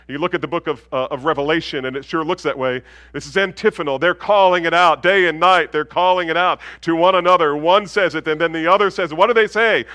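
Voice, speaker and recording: Preacher with a fairly high, dry voice. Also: male voice, no echo. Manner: wide swings from loud proclamation to hushed near-whisper. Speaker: pastor. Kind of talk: sermon.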